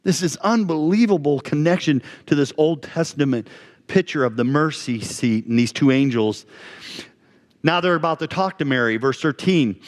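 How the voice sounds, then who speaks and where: Male pastor, conversational sermon delivery, higher-pitched voice, echoing sanctuary. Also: expressive, moderate pace. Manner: conversational preaching, asks the congregation questions. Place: church sanctuary. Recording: long church reverb.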